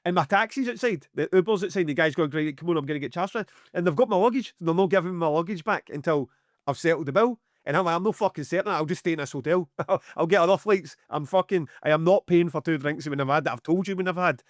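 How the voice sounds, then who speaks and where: A Scottish man in middle age tells a story on a podcast with a fairly high voice. He swears freely and acts out the lines of everyone involved. The sound is dry and close, with no room behind it. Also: quick pace, no echo. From Scotland. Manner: animated, heavy swearing, acts out dialogue. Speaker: podcast co-host, music promoter. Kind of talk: casual storytelling chat.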